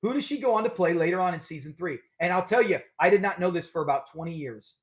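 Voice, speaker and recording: Upbeat male live-stream host, high voice, loose and chatty. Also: lively intonation, fast. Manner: chatty, upbeat, laughs often. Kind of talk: casual live-stream chat.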